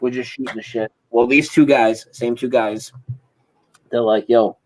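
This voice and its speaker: A man as an interview guest, telling a story in a casual, animated way over a video call. He acts out sounds and swears freely. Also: mid-range voice, unhurried, poor audio.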